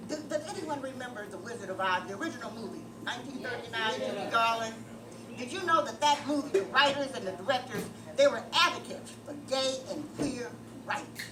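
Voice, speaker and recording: An older woman performing a stand-up comedy set, telling stories and doing crowd work in a club. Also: high voice. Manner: storytelling, sings a comic song. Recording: echoey club audio, far from mic, noisy.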